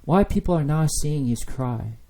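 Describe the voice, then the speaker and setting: A man's voice: on the high side, lively intonation, measured pace, warm tone, a little hiss or hum. A man teaching a Bible study sermon, impassioned, full of rhetorical questions and "you know" fillers.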